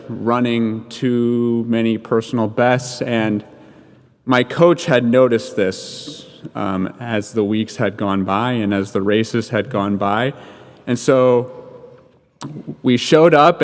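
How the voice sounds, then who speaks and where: A man giving a homily in a church, telling a personal story in a casual, conversational way with many "like" fillers and chuckling at himself. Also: mid-range voice. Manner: chuckles at his own story. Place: church sanctuary. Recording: long church-hall reverb.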